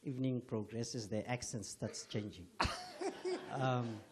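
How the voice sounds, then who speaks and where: A man from Namibia with a medium-pitched voice speaks slowly from the floor at a book launch, earnest and emphatic, often restarting his sentences. He's an audience member commenting in an event hall, and there's a little hiss or hum.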